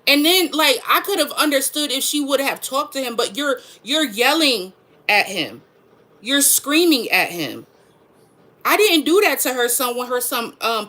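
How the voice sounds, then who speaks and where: Frustrated woman with a bright voice. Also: sits high. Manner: frustrated, emphatic, repeats herself. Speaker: mother, vlogger. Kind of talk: venting to camera.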